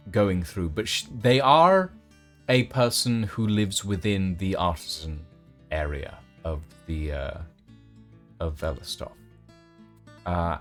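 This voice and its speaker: Low-voiced guy running a tabletop game, really slow, lots of ums, faint guitar behind. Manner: unhurried, full of ums and uhs. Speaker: game master.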